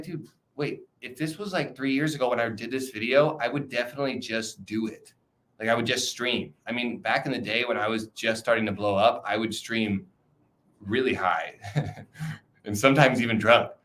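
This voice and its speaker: A man's voice: mid-range voice, a bit bright. A young man chatting casually on a livestream, loose and profane, rambling with frequent restarts. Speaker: streamer.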